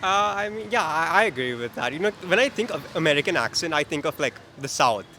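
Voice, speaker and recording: A man with an Indian accent chatting in a relaxed way as an interviewee on a city street, full of fillers. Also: a little high, fast talker. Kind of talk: casual street chat. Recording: clear street traffic noise.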